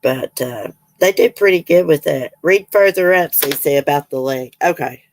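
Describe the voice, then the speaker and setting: A woman's voice: sits low, normal speed, dry recording. A woman, chatting casually as a livestream host, reading viewer comments and rambling with frequent laughs.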